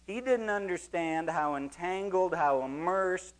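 Male preacher, slightly high voice, expository sermon, animated quoted lines. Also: measured pace, low-quality recording.

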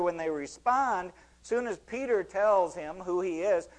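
A man's voice: high-pitched, poor audio. A male pastor delivering a sermon to his congregation, preaching with rising emphasis.

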